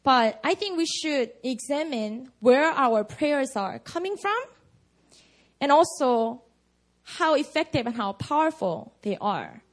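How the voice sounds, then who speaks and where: A woman's voice: high voice, expressive, slow pace. A woman preaching a casual, conversational sermon at a prayer meeting, full of "you know" and "like". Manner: chatty, many fillers like "you know" and "like".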